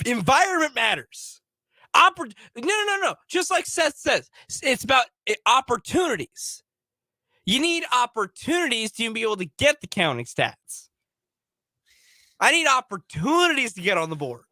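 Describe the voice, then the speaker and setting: A man co-hosting a sports talk radio show, chatting casually and defending himself with lively restarts. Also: very high voice, moderate pace, dry recording. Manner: animated, self-defending, repeats words.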